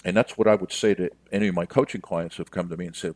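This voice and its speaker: Low-voiced man coaching plainly. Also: steady tone, fast talker, hardly any pauses, darkish tone, no room sound. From United States. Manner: direct, conversational, addresses listeners as you. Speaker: business coach. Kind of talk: podcast monologue.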